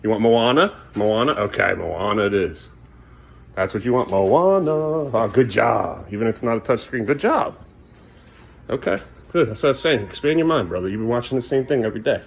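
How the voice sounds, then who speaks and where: A man's voice: mid-range voice, lively intonation, brisk, vocal fry, breathy edge. A man filming a casual home vlog, coaxing his small son along and chatting to the camera at home at night. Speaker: father filming his family.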